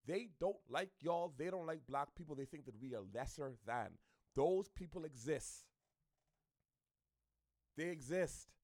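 A man from the Bahamas with a Bahamian accent, ranting to camera in an animated, preachy way, repeating his points. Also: on the high side, measured pace, pauses often, dry recording, studio quality. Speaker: social media commentator. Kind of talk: opinionated rant to camera.

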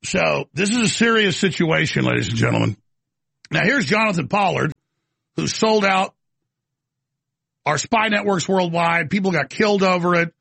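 A man hosting a commentary show, talking in a fiery, emphatic, indignant way with a gravelly, raspy voice. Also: high-pitched, expressive, normal speed, pauses often, sharp tone, no echo. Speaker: show host. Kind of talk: impassioned commentary.

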